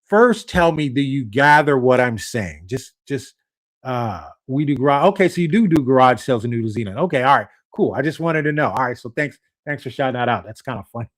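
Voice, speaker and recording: Man, live-stream host, mid pitch, loose and chatty, repeats himself and checks in with his audience often. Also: animated, brisk. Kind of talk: casual live-stream talk to viewers.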